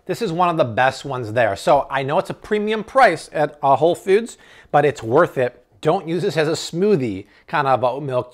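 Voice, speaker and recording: A man in an enthusiastic grocery haul review, exclaiming and tasting products on camera. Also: mid-range voice. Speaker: food vlogger.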